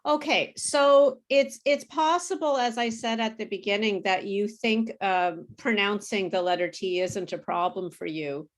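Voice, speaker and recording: A woman tutoring English pronunciation over a video call, explaining slowly and patiently. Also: medium pitch, steady tone. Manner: slow, careful teacher explaining with apologies and laughs. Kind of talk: online pronunciation lesson.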